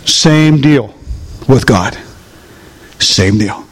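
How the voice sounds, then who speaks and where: A man's voice: medium pitch, expressive, extremely slow, in a large hall, slight background noise. An older man preaching a folksy sermon, often asking the congregation questions. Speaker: pastor.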